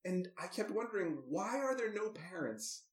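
Male podcast co-host, slightly higher voice, wry recap patter, echoey room. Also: big pitch swings, moderate pace. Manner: wry, recounting scenes with amused asides. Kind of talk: casual movie recap chat.

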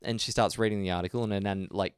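A man with an Australian accent, co-hosting a podcast and telling a story in casual chat, with lively jumps in pitch. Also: rapid-fire, smooth, dry recording, studio quality. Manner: animated, jumps up in pitch for quoted voices. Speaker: podcast co-host.

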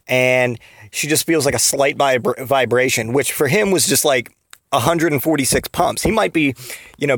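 A man's voice: mid-range voice, a bit bright, no echo, studio quality. A man hosting a comedy podcast, rambling through a giggly monologue full of fillers and restarts. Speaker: podcast host.

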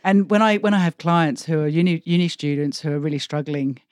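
A woman's voice: sits low, steady tone, a little fast, a little mellow, smooth, no room sound, clean studio sound. A woman counsellor, chatting casually, who often repeats her first words as she starts a sentence. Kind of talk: casual podcast chat.

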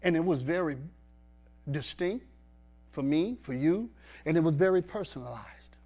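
A man's voice: a little high, lively intonation, moderate pace, darkish tone. A male pastor preaching a sermon in a church, pressing the congregation with rhetorical questions and emphatic repetition.

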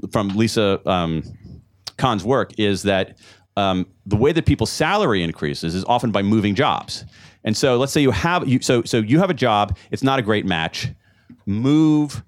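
A man speaking to a live audience in a question-and-answer session, lively and jokey, often restarting and repeating words. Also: on the low side. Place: event room with a live audience.

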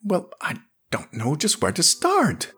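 A man voicing an excitable young male space adventurer in a raised, urgent voice. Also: fairly high pitch, slow pace, breathy edge, voice pushed up, full character voice. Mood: excited.

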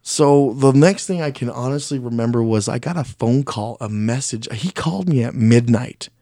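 A blunt, foul-mouthed man spins a personal story in a loose, conversational way, stumbling and restarting as he goes. His voice sits at an ordinary mid pitch. The sound is close and dry, with no room around it. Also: moderate pace, dark tone, no echo. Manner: blunt, profane, self-deprecating, restarts often; speaks his mind plainly. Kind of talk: casual spoken storytelling.

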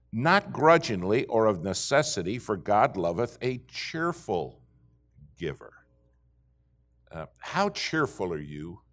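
Middle-aged male pastor, low voice, animated folksy sermon delivery. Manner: folksy, animated storytelling preacher.

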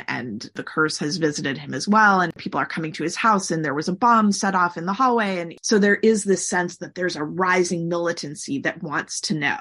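A woman with a low, husky voice talks through a long story as an interview guest. She is chatty and loose, filling her talk with "like" and putting on voices for the people she quotes. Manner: chatty, uses "like" often, animated quotes. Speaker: guest expert. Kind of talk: conversational interview.

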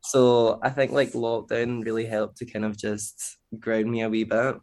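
A man's voice: on the low side, a little slow. A young Scottish man chatting casually as a podcast guest, rambling loosely with lots of fillers. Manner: relaxed and rambling, heavy on fillers. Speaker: guest, producer and DJ.

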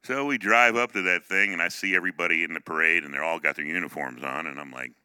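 A middle-aged male pastor giving a sermon, telling a personal story in an animated way and acting out the people in it. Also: low voice, fast, clean tone, dry recording, studio quality. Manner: animated, acts out the story in many voices.

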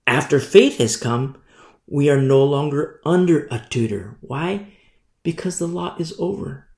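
A man preaching a Bible study, emphatic, often asking "you see?" and swinging from loud bursts to quiet asides. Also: on the high side. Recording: roomy echo.

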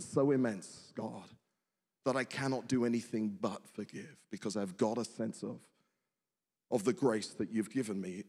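A man preaching a sermon, earnest, asking the congregation rhetorical questions. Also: mid-range voice. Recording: long hall reverb.

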